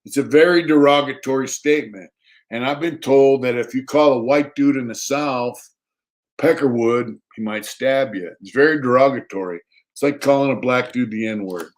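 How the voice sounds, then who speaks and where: A man's voice: mid-range voice, normal speed. Man, casual livestream chat, rambling, repetitive, reads comments aloud. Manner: talks to his dog between thoughts. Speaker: livestream host.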